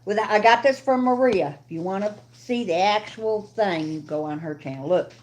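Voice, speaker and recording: A woman's voice: mid-range voice, moderate pace, darkish tone. Older woman chatting on a livestream. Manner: chatty, talks to viewers and her dog while cooking. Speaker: livestream host. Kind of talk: casual livestream chat.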